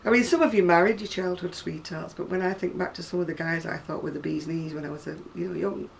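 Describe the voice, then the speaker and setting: A woman's voice: fairly low pitch, steady tone, quick pace, creaky, recorded from a distance, a little hiss or hum. A woman in her sixties with a northern English accent, chatting casually and rambling to camera about her crafts, often laughing. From North West England. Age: 60s. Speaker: craft seller.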